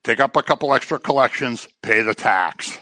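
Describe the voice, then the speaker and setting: A man preaching a sermon in a conversational way, with joking asides and animated delivery. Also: mid-range voice, moderate pace, dry recording.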